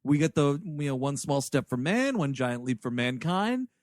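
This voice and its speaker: A man co-hosting a movie review podcast in casual chat, telling the plot with animated asides and quick acted-out lines. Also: a little high, no room sound, clean studio sound. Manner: animated storytelling, acts out characters in quick asides. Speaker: podcast co-host.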